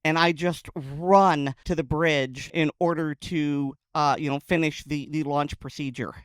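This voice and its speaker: A man's voice: fairly high pitch, steady tone, measured pace, clean tone, no room sound, clean studio sound. A man playing in a tabletop game, talking casually and offhand. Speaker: player.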